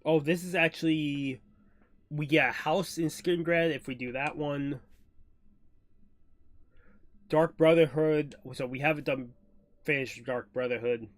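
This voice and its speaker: A man's voice: a little high, steady tone, a little slow, long pauses, dry recording. Man rambling through game commentary. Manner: rambling, thinking aloud. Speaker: streamer. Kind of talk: casual gameplay commentary.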